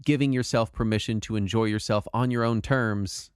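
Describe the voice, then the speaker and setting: A man's voice: fairly low pitch, steady tone, moderate pace, clean tone, dry recording, clean studio sound. A man co-hosting a casual podcast, talking animatedly and emphatically, often restarting his sentences and swearing for emphasis. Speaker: podcast co-host.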